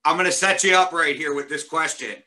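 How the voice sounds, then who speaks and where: Bright, sharp-voiced man joking bluntly. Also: fairly high pitch, fairly quick. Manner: blunt, joking, swears freely. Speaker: podcast co-host. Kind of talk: casual sports chat.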